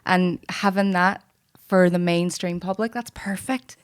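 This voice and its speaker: A woman guest on a podcast speaks earnestly and with steady emphasis. Her voice is low and smooth, with little rise or fall. The sound is dry and close. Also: a little slow, dry recording. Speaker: guest, soul coach. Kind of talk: casual interview chat.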